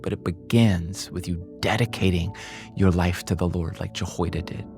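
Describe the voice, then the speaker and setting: A man's voice: deep voice, fairly even intonation, moderate pace, music in the background. A male pastor preaching a sermon in an impassioned way, often repeating and restarting words. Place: church.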